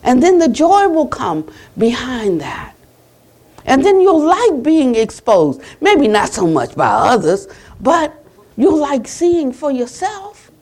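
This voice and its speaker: A woman's voice: high voice, wildly swooping pitch, takes it slowly. American woman giving a dharma talk. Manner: conversational, retelling exchanges, ending in a soft blessing. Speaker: Buddhist teacher. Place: retreat center hall.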